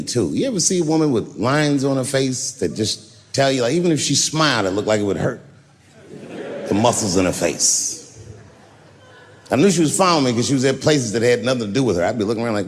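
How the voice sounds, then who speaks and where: A man doing stand-up comedy, telling stories in a loose, conversational way and acting out other people's voices. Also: mid-range voice. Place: theater stage. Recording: live show in a large hall, faint ambience.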